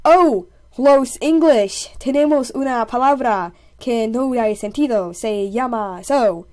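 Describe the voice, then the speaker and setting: Woman doing a slow, drawling English-speaking guy. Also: on the high side, dark tone, close to an everyday voice. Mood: offhand. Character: lone clueless English-speaking man.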